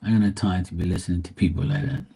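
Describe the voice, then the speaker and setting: A man's voice: low-pitched, rapid-fire, warm tone, slightly rough. A man chatting on a livestream, telling rambling stories full of swearing and jokes. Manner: profane, rambling,喜 joking. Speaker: livestream tarot reader. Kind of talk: casual livestream storytelling.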